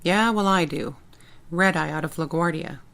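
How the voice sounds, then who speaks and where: A woman's voice: on the low side, normal speed, gravelly, a bit bright. A woman reading an audiobook, voicing a female spy friend who speaks patiently and soothingly. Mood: calm. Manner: patient, soothing, matter-of-fact. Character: calm, worried female spy and loyal friend.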